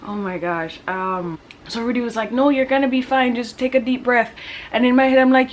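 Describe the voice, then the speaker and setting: A woman's voice: fairly high pitch, normal speed. Young woman vlogger telling a story. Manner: animated, acts out her own cries and quotes. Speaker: family vlogger. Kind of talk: casual storytelling to camera.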